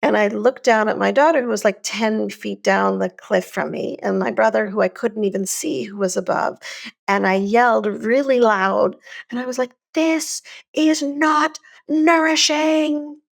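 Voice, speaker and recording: Gravelly middle-aged woman telling a story. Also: mid-range voice, normal speed. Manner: earnest, animated storyteller. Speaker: podcast co-host. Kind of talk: personal storytelling in conversation.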